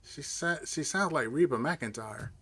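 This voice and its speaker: A man's voice: on the high side, expressive, a little slow, fairly bright tone, slightly rough. A man hosting a video game walkthrough, chatting casually in a laid-back, rambling way with lots of fillers. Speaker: gaming channel host. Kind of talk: casual gameplay commentary.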